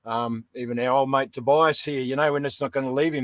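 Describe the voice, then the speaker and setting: A man's voice: medium pitch, steady tone, fairly quick, a bit bright, dry recording. A middle-aged Australian man, a veteran guest in a casual interview, talking bluntly and calling everyone "mate". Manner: blunt, folksy, peppered with "mate".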